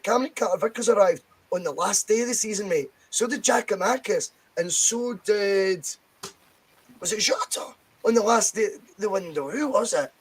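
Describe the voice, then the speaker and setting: A man with a fairly high voice hosts a casual football podcast. He is chatty, swears freely, and reads quotes aloud in a relaxed way. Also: breathy edge, poor audio. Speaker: podcast host.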